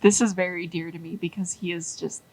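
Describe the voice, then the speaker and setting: A woman's voice: fairly low pitch, fairly even intonation, brisk, darkish tone, husky, poor audio. A woman rambling through a story in casual chat, with lots of "like" and acted-out quotes. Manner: rambling, many "like"s, acts out quoted characters.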